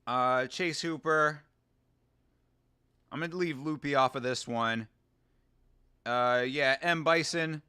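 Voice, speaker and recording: A man hosting a casual fight watch-along, excitable and jokey. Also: a little high, slow pace, long pauses, clean tone. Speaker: host.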